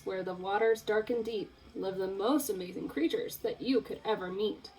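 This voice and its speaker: A young woman teacher reading a picture book aloud to children, in an expressive, playful storytelling way. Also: medium pitch, normal speed, hardly any pauses, slight background noise, low-quality recording.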